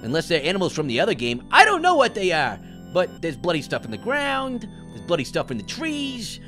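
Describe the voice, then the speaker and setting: A man's voice: high-pitched, huge pitch swings, fairly quick, soft background music, full character voice. A man voicing a jittery, wisecracking talking orange who hosts cartoon game commentary, yelping and joking as he plays. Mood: scared. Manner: jumpy, yelps and shouts when startled, jokey asides. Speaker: gaming host. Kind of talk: cartoon let's-play commentary.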